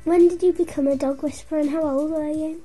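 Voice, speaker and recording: High voice reading out questions carefully, mellow dark tone, faint music. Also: female voice, fairly even intonation, fast. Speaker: young co-host interviewer. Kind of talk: reading prepared interview questions.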